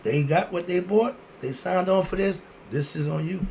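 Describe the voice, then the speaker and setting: A man's voice: sits high, normal speed, gravelly, a little mellow, a little hiss or hum. A man in his sixties hosting his own video, ranting bluntly and answering his own rhetorical questions. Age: 60s. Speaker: video host. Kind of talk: ranting monologue.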